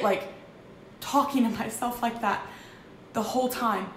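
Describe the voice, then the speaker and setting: A woman in her thirties candidly confessing her struggles in a halting, emotional vlog, with frequent restarts. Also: a little high, steady tone. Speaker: vlogger. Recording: echoey room with faint background noise.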